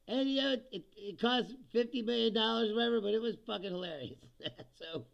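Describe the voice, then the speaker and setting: A man's voice: high-pitched, moderate pace, gravelly, a bit bright. A male comedian hosting a casual livestream, swearing, joking sarcastically and laughing often as he reads viewer comments. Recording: dull lo-fi stream audio.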